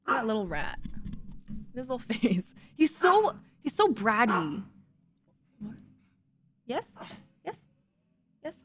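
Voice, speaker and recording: A woman's voice: on the high side, big pitch swings, slow, long pauses, a little hiss or hum. A young woman streaming, chatting casually with her viewers, giggly and cooing baby talk to her dog.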